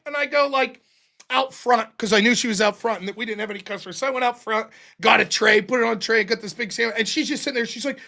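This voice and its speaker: An American show host in his forties, with a very high, creaky, sharp-toned voice, talks fast through a casual storytelling monologue. His tales are rowdy and profane, and he acts out the voices of the people he quotes.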